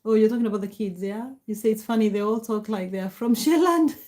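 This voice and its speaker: A middle-aged woman hosting a casual livestream, warmly greeting viewers by name and laughing often. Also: mid-range voice, fast. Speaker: livestream host. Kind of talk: casual livestream chat reading comments.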